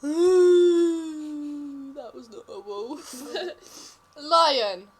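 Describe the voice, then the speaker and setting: Giggly young woman with a high voice. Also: big pitch swings, slow pace, pushed and bright. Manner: giggly, playful, calling out animal names. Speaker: vlogger. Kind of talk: casual chat.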